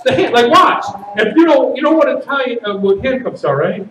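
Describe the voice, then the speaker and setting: A man performing stand-up comedy at a party, with loud, animated shouted bits. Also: extremely high pitch, fairly quick, echoey room, far from the mic, poor audio.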